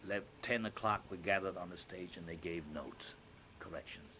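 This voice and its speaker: An older man with a low voice tells a theatre story in an interview. He is animated and acts out the lines he quotes, with plenty of "uh" and "you know" along the way. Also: moderate pace, slight background noise. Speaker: interviewee, stage actor. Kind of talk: reminiscing anecdote in an interview.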